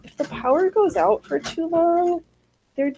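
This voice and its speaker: A woman's voice: very high voice, a little slow, warm tone, a little hiss or hum, low-quality recording. A woman hosting a livestream, chatting casually and rambling as she answers chat comments, with frequent swearing. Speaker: livestream host.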